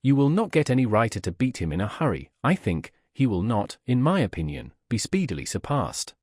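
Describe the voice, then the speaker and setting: A man's voice: medium pitch, big pitch swings, fairly quick, a little mellow, husky, dry recording, clean studio sound. A man voicing a pompous, wordy male auctioneer who speaks in a sonorous, self-satisfied manner.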